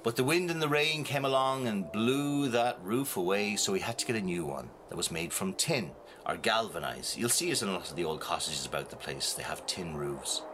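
A man's voice: lowish voice, normal speed, few pauses, noisy background. A man with a Northern Irish accent telling a folk tale to children, playful and talking straight to his audience. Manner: animated, playful, talks to the audience. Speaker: storyteller. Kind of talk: storytelling to children.

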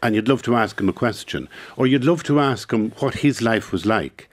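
An Irish man speaking as an interview guest in a studio, thoughtful and halting, often repeating words as he reflects. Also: mid-range voice, lively intonation. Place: radio studio.

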